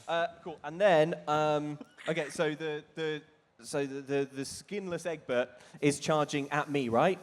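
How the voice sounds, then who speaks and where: A man's voice: on the high side, fairly even intonation, unhurried. A man playing his character in a live tabletop game on stage, describing moves eagerly with hesitant restarts. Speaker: player. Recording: reverberant live hall.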